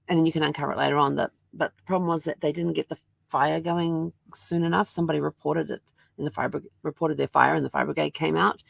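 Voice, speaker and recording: Low-voiced New Zealand woman rambling. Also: gravelly, no room sound, studio quality. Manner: rambling, frequent ums. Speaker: vlogger. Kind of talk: casual chat. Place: at home with her dog.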